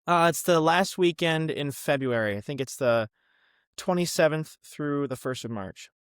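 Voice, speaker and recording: A man's voice: on the high side, expressive, normal speed, clear, resonant tone, no echo, clean studio sound. A man in his twenties, a student guest on a podcast, answering in a friendly, easygoing way with lots of ums. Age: 20s. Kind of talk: casual interview.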